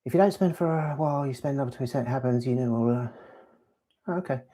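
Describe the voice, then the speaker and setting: A chatty man rambles through a live stream, answering viewers' questions and drifting from topic to topic. His voice sits at an ordinary middle pitch and he talks in a loose, easy way. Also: fast, dark tone. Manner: rambling, chatty, reads chat aloud. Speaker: LEGO channel host. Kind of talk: casual live-stream chat.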